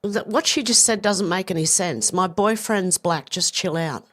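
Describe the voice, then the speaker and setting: A woman's voice: lowish voice, moderate pace, fairly bright tone. A woman giving opinion commentary over video clips in an exasperated, indignant way, recorded as a voice-over. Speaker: news commentator.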